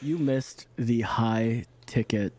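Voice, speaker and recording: A man's voice: medium pitch, slow, darkish tone. A man narrating a tabletop game as game master, rambling with many fillers and restarts.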